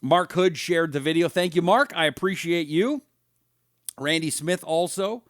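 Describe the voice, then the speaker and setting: A man's voice: a little high, unhurried, dry recording, studio quality. A middle-aged man hosting a live talk show, telling anecdotes in a chatty way and reading viewer comments aloud. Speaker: radio talk show host.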